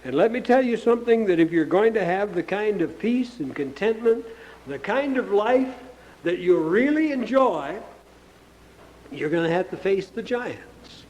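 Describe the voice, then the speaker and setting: High-voiced man preaching a sermon. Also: expressive, a little slow, a little mellow, rough recording. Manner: conversational preaching with rhetorical questions. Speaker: pastor.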